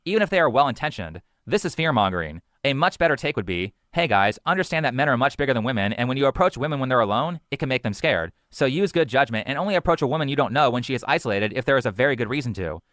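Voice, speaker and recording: A man's voice: mid-range voice, lively intonation, fast talker, hardly any pauses, fairly bright tone, no echo, studio quality. A man narrating a commentary video in an argumentative, skeptical, lecturing way.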